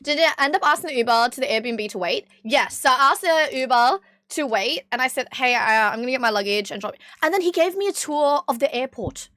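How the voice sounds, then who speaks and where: High-voiced Australian woman streamer. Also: fairly quick, few pauses, no room sound. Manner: animated, swears freely, acts out voices in stories. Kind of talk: casual stream chat, storytelling.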